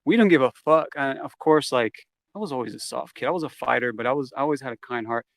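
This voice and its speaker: A man telling a wild story from his past as an interview guest, swearing freely and acting out every quoted line. His voice sits at an ordinary middle pitch. The recording is dry, with almost no room sound. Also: quick pace, no echo. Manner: profane, animated, acts out quoted lines. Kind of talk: casual storytelling.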